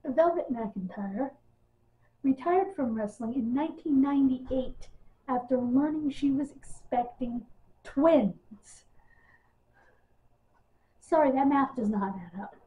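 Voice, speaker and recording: Woman, higher voice, casual sarcastic rant, lots of ums, thin phone-like sound. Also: expressive, slow pace, long pauses. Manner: exasperated, sarcastic, many ums. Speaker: wrestling news vlogger. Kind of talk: casual ranting monologue. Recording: tinny phone-like audio.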